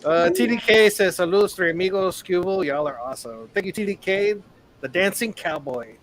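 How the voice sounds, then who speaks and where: A man's voice: high-pitched, brisk, crowd noise. A middle-aged man hosting a live music talk show, casually reading viewer comments aloud. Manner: easygoing, reads comments aloud. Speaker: show host.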